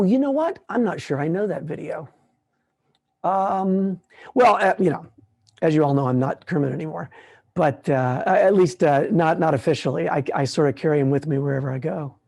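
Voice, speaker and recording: A man in his sixties, a puppeteer, talking casually at an online conference and answering questions, relaxed and rambling with many restarts. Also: fairly high pitch. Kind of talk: casual talk and Q&A.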